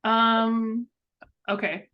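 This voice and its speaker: A woman's voice: a little high, flat delivery, drawn-out words, highs cut off. A woman co-hosting a podcast in casual chat, playful and full of anecdotes. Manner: storytelling, playful, jumps into quoted voices. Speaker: podcast co-host.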